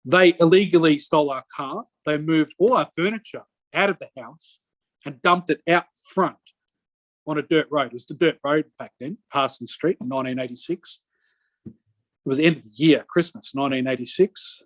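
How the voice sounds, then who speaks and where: A middle-aged man answers an interviewer and recounts his story in long rambling stretches, stalling and restarting mid-sentence. His voice sits a little high for a man. The sound is close and dry, with no room echo. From Australia. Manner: rambling, halting with many restarts. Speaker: interview guest. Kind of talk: conversational personal account.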